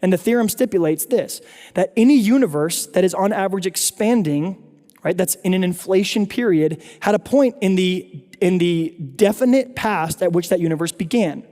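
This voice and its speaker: Casting: male lecturer, high mellow voice, chatty slide talk with quips, long church-hall reverb. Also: normal speed. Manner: chatty, with joking asides. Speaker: apologetics forum speaker. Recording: echoey hall.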